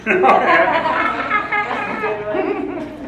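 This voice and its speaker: A man's voice: very high voice, very animated, drawn-out words, very noisy. A man giving a humorous seminar talk to an audience, telling jokes and stories and laughing often. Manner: joking, storytelling, laughs often. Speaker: seminar presenter. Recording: echoey room, mic from a distance.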